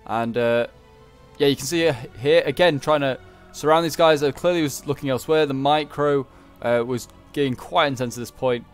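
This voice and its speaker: A man's voice: medium pitch, normal speed, clean tone, soft background music. A man giving casual, chatty commentary over a strategy game battle, rambling and correcting himself as he goes. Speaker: gaming video creator.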